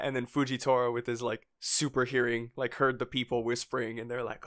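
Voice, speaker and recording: A man co-hosting a relaxed fan podcast, his voice at an ordinary middle pitch. He rambles loosely, leaning on fillers and breaking into small chuckles as he talks. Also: fairly quick, few pauses, clear, resonant tone. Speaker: podcast co-host. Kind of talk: casual fan podcast chat.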